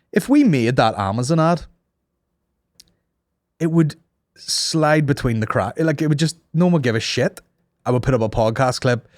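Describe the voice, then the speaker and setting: A man's voice: medium pitch, no echo, clean studio sound. A man hosting a comedy podcast, telling stories in casual, sweary banter and slipping into mock voices. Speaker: podcast host.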